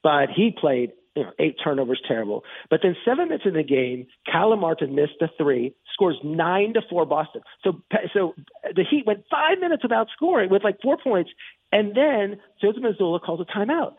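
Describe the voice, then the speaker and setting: A man with a high, gravelly voice talks through a game recap in an excited, rambling way, circling back and restarting his thoughts. His tone is husky, and the sound is thin and tinny like a phone line on the radio. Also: normal speed, no echo. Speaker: sports talk host. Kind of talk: casual sports commentary monologue.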